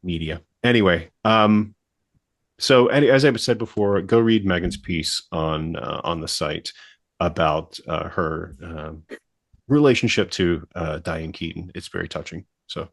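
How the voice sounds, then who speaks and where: A man's voice: low voice, a little slow, creaky. A man hosting a podcast in casual chat, steering the topics with hesitant fillers. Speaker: podcast host.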